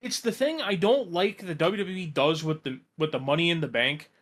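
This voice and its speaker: A man's voice: a little high, moderate pace, a bit bright. A man co-hosting a wrestling podcast in casual chat, rambling with lots of fillers. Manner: chatty, lots of likes and you knows. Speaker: podcast co-host.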